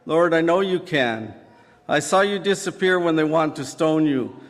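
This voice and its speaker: A man's voice: fairly high pitch, moderate pace, close to an everyday voice. A man preaching, voicing a desperate male disciple who sobs and pleads with his master. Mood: pleading. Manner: pleading, frantic. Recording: long church reverb.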